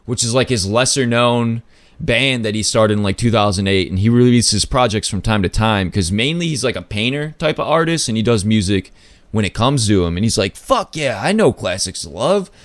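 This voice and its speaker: A man hosting a podcast, telling a story in a loose, casual way, full of "like" and swearing, with sudden pitch jumps when he acts out other people. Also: expressive, moderate pace, no room sound. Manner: loose, filler-heavy talk with lots of "like" and swearing. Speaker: podcast host.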